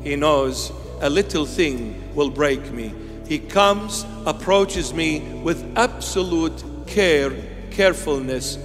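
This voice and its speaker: A man's voice: fairly high pitch, expressive, takes it slowly, in a large hall, over music. A man preaching a sermon as a bishop, impassioned, with rhythmic repeated phrases that sometimes lift into song.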